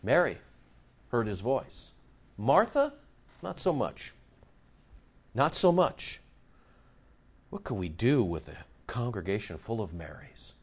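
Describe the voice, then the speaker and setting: A man's voice: fairly low pitch, very animated, takes it slowly, pauses often, husky, highs cut off. A man preaching a sermon to his congregation. He asks rhetorical questions and repeats phrases for emphasis. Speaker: pastor.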